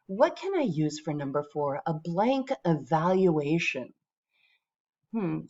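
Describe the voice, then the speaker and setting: A woman's voice: lowish voice, darkish tone, highs cut off. A woman teaching English vocabulary in a recorded lesson. She thinks aloud patiently and checks in with her students.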